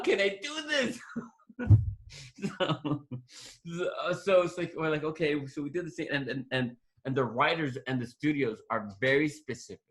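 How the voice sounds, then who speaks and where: Man telling an animated set story. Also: mid-range voice. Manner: rambling, restarts often, acts out quoted dialogue. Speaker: guest actor. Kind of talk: storytelling interview answers.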